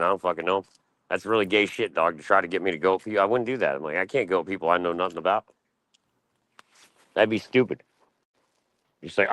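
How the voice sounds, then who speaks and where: A man holds forth on a live stream in a casual rant, blunt and swearing freely. He brags as he talks. His voice sits a little low and sounds dry and close, with no room around it. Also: fairly bright tone, dry recording, low-quality recording. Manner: profane, boastful and blunt.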